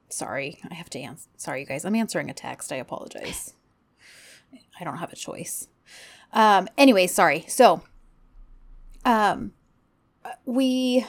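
Chatty woman rambling with fillers. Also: on the low side. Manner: rambling, full of "like" and "um". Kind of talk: casual chat recapping a TV drama.

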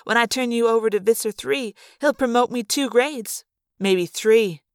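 A woman voicing a tense middle-aged woman commander who snaps orders and forces herself to sound calm. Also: a little high, moderate pace, lightly acted. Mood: forced calm. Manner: clipped and commanding.

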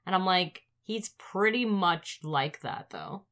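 A woman's voice: lowish voice, animated, slow, a bit bright. A woman co-hosting a casual podcast chat, laughing often and acting out characters' lines. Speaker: podcast co-host.

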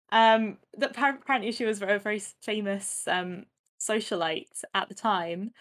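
A woman co-hosting a casual chat, giggling often and filling pauses with ums. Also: mid-range voice, fairly bright tone. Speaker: podcast co-host.

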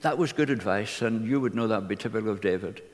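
An older man, a minister, earnestly tells personal stories to his congregation in a reverberant hall. His voice is fairly low and he speaks fast.

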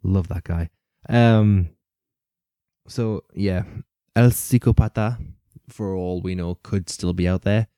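A man with a low, very dark and mellow voice hosts a casual true-crime podcast. He rambles, laughs often and swears casually. The sound is dry and close, with no room echo. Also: steady tone, slow, clean tone. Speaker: podcast host.

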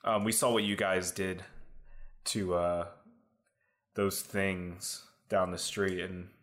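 A man's voice: deep voice, flat delivery, slow pace, a bit bright. A man playing a nervous small-town dad. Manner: rambling, nervous. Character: worried small-town husband and father.

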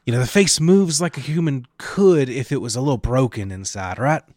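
A man's voice: medium pitch, darkish tone, dry recording. Playful man co-hosting a dry podcast. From Kentucky area, USA. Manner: riffing, playful, quick to joke. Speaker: podcast co-host. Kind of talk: casual comedic chat.

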